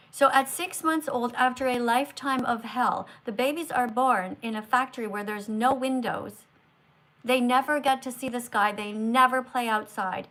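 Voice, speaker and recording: A woman hosts a livestream recorded on a phone, speaking earnestly to a guest and her viewers in a fairly bright voice on the high side. Her tone is emphatic and lecturing.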